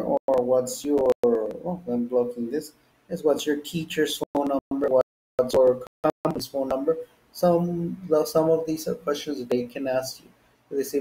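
A man's voice: medium pitch, warm tone, echoey room, rough recording. A man teaching an English lesson, explaining and modeling example phrases and their stress. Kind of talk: classroom lesson.

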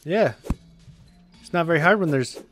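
A young man doing let's play commentary, excitable and given to shouting at enemies in frustration. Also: a little high, moderate pace, loud music behind the voice. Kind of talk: gameplay commentary.

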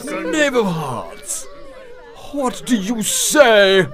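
A man voicing a bossy, impatient king who sits as judge in a children's story, giving slow, deliberate commands. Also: very high-pitched, wildly swooping pitch, fairly bright tone, a faint crowd, full character voice. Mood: stern. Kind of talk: children's audio story acting.

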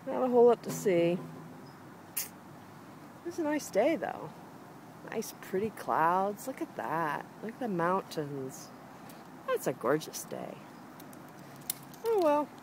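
Lady calling her dogs in the yard, slow and singsongy, filmed on a handheld cam. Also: mid-range voice, huge pitch swings, slight background noise. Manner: sing-song coaxing calls to the dogs. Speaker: dog owner filming her pets. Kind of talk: casual home video narration. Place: backyard outdoors by a fence. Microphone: handheld camera.

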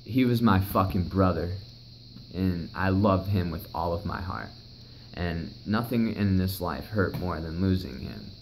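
A man's voice: low voice, animated, measured pace, creaky, a little mellow, slight background noise, rough recording. A young man recounting a personal story in a rambling, emotional way, swearing often. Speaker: vlogger.

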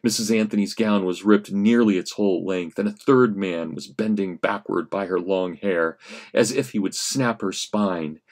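Man reading a story with drama. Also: normal speed. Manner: expressive reading, rising for action and dropping low for menace. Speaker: history professor.

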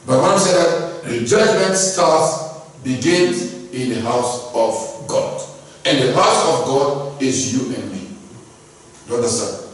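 A man's voice: medium pitch, lively intonation, slow. A male pastor preaching a sermon, emphatic and repetitive, often asking the congregation if they follow. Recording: echoey hall from far off.

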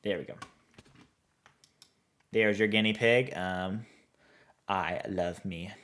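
Here the man speaks slowly in a low-pitched, steady voice that's a bit bright. Casually chatting while streaming a building game, he reads chat aloud and rambles through easygoing answers.

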